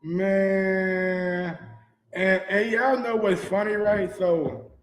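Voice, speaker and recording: A man hosting a sports commentary show, ranting casually with lots of profanity and swinging between low mutters and loud shouts, in a manner. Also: steady tone, drawn-out words, roomy sound.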